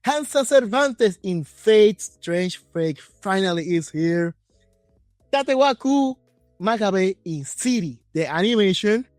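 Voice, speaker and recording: A man hosting an interview podcast, a Spanish native speaker talking in English, excited and chatty. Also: sits high, takes it slowly, dry recording, studio quality, soft background music. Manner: excited, chatty, rephrases often. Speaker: podcast host. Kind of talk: casual interview chat.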